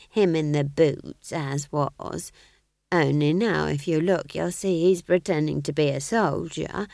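A woman's voice: fairly low pitch, creaky, a little mellow, no room sound, studio quality, voice pushed up, heavily acted. A woman voicing a chatty old witch who explains things with cheerful authority in an audiobook. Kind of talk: audiobook character voice.

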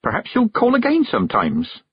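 Man doing a stern, sharp-tongued old country witch, raised pitch, husky and lively, dull lo-fi audiobook sound. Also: fairly quick, heavily acted. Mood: dry, sharp. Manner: blunt, sharp country speech. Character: stern proud old woman witch, rural.

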